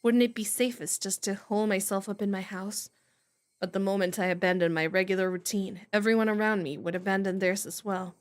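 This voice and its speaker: A woman's voice: mid-range voice, fairly even intonation, fairly quick, pitched below the performer's own voice, lightly acted. A woman reading the first-person narration of a wary, paranoid teenage boy in a readalong, in a tense, self-warning inner monologue.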